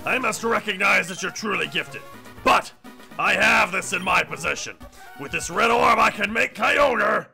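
A hot-headed villain gang leader, as a man voices him for a game playthrough, loud and theatrical, his throat sounding strained. The voice is bright and gravelly, with pitch jumping all over. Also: lively intonation, unhurried, faint music behind, heavily acted. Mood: boastful. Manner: loud, theatrical, often shouting.

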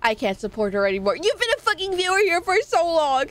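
A woman's voice: extremely high pitch, big pitch swings, quick pace, fairly bright tone. A woman streamer chatting with her viewers in a playful, teasing way, often breaking into laughs. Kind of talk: casual live-stream chat.

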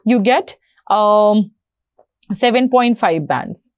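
A woman's voice: medium pitch, slow, dry recording, dull audio. A woman explaining an exam format to learners, often checking in with "right?" and "you know". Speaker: IELTS instructor.

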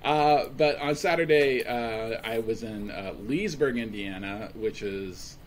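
A man co-hosting a podcast as a stand-up comedian, talking in a relaxed, rambling way with plenty of fillers. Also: medium pitch, unhurried, a little hiss or hum. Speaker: podcast co-host. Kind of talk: casual chat.

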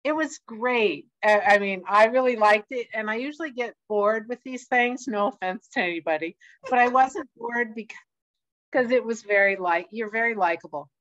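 Woman, slightly high, earnest; dull, dry call audio. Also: normal speed, fairly bright tone, no echo. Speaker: trivia participant. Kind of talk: casual online group chat.

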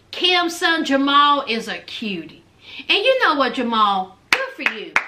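A woman's voice: sits high, bright, forceful tone. A woman recapping a reality show in a casual, sassy, chatty way, retelling scenes and quoting people. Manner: chatty, sassy storytelling with quoted lines.

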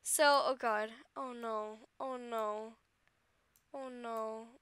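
High, bright, dramatic gaming vlogger. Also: female voice, very slow, clean tone, no room sound. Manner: dramatic, excitable, swings between wailing and squealing. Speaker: game video creator. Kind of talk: gameplay commentary.

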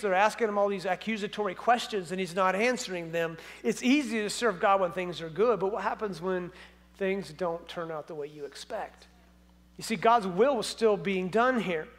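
A male pastor preaches a sermon during a church service. He retells the scripture in an animated, humorous way. His voice sits notably high for a man.

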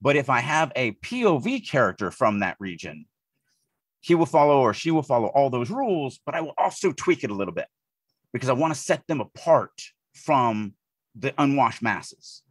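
A man from the Deep South speaks in a husky voice. He co-hosts a casual podcast, thinking aloud with frequent restarts. The recording is dry, with no room sound. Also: very animated, moderate pace, no room sound. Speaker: podcast co-host, writing editor.

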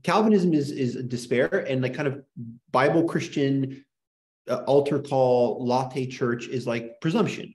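A man's voice: mid-range voice, measured pace, a little mellow. A man lecturing a small class in an impassioned, worked-up rant. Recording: echoey room.

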